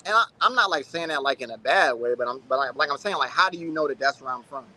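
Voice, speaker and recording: A man's voice: a little high, expressive, fast, sharp tone. A man in his thirties hosting a casual livestream, chatting loosely and reading out viewer comments. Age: 30s. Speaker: channel host.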